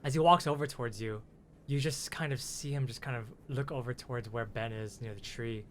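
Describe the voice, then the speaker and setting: A man's voice: mid-range voice, brisk, fairly bright tone, slight background noise. A young man, the game master, narrating a tabletop game in a casual storytelling way, with lots of 'kind of' and 'just'.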